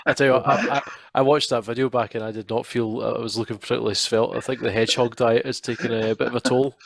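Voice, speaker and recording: A man's voice: mid-range voice, level tone, fast talker, creaky, no echo, studio quality. Easygoing self-mocking male co-host. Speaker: podcast co-host. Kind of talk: casual podcast chat.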